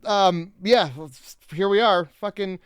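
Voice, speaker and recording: Co-host, man, high voice, dry close recording, deadpan plot recap with swearing. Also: takes it slowly, clear, resonant tone, dry recording. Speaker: podcast co-host. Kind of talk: casual movie-review chat.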